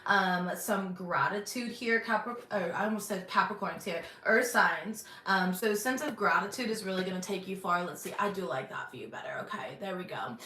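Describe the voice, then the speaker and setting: A woman hosting her channel from her bedroom, giving a casual intuitive tarot reading, chatty with many "um"s and throat-clearings. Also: mid-range voice, moderate pace, hardly any pauses, pushed and bright. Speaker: tarot reader and channel host. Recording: echoey bedroom, faint background hum.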